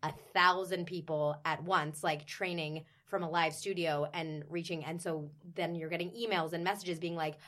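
A young woman with a slightly low voice, talking on a casual podcast as a personal trainer. She is chatty and enthusiastic, using plenty of fillers. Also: fairly even intonation, moderate pace, few pauses, fairly bright tone. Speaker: personal trainer and former performer.

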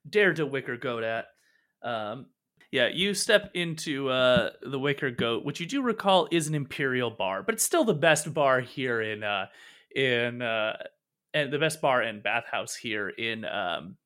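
A man narrates as game master of a tabletop game, his voice bright and forward. He rambles loosely, filling pauses with ums and uhs as he describes the scene. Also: medium pitch, big pitch swings. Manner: rambling, many fillers, laughs often.

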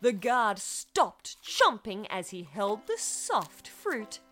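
A woman reading a children's story aloud, expressive and playful with sound-effect words. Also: mid-range voice, slow, soft background music.

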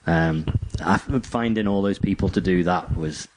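A man's voice: deep voice, measured pace, a crowd in the background. A man, chatting casually as a podcast co-host and telling rambling stories. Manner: rambling, animated storytelling with acted quotes. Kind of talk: casual chat.

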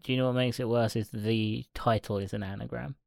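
A man co-hosting a casual film chat podcast, relaxed and hedging, often laughing along with the others. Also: medium pitch, fairly quick, gravelly, no echo, studio quality. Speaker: podcast co-host.

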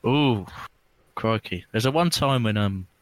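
Lively young bloke telling a story. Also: male voice, a little slow. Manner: rambling, laughing, slangy, lively swings in pitch. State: drinking. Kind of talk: casual chat, storytelling.

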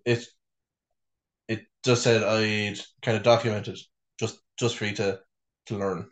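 A man co-hosting a podcast from a bedroom, talking in a sweary, self-mocking, halting way full of fillers. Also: on the low side, little pitch movement, roomy sound. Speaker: podcast co-host. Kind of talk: casual chat.

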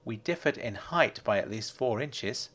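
A man reading a first-person story aloud in a reflective, even way. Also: mid-range voice, a little slow. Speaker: narrator. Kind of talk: first-person audiobook narration.

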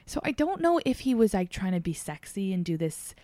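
A young Irish woman hosting a podcast, telling candid stories in a casual, animated way with plenty of swearing. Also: medium pitch, a little fast, no room sound. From Ireland. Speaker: podcast host. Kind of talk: casual chat.

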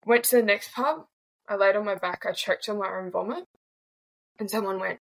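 A woman's voice: mid-range voice, moderate pace, vocal fry, rough recording. A woman in her twenties with an Australian accent, telling her own story bluntly and casually as a guest. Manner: blunt, casual, swears freely. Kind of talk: candid personal storytelling.

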